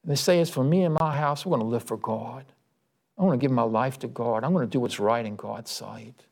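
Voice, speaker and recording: A man preaching a sermon, emphatic and questioning, who breaks into a story and pushes his voice up high at the key points. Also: fairly quick, gravelly, darkish tone. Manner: emphatic, rising to high-pitched exclamations.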